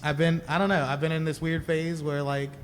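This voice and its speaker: A man's voice: a little high, flat delivery, a little fast, in a large hall, slight background noise. A man guesting on a comedy podcast, talking hesitantly with many fillers. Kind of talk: casual chat.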